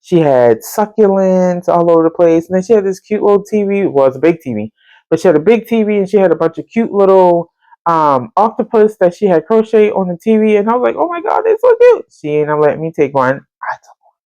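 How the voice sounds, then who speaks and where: A woman, hosting a podcast and telling a story in casual chat, animated and chatty, often jumping into a high voice to quote people. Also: brisk, no echo, dull audio. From Central Texas. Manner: colloquial and chatty, addresses listeners as y'all. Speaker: podcast host.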